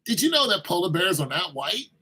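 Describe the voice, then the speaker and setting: A man's voice: sits high, sing-song, brisk, sharp tone, slight background noise, rough recording. A man giving an informal sermon-style talk, conversational, acting out little exchanges with kids in raised voices.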